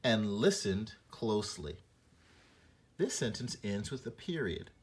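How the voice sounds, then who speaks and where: A man teaching a reading lesson, explaining punctuation and reading a short story aloud to show flat and expressive delivery. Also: fairly low pitch, a little slow.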